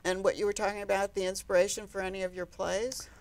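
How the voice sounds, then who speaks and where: Woman host, casual chat, curious follow-up questions, mid pitch. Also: level tone, quick pace, dry recording. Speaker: talk show host.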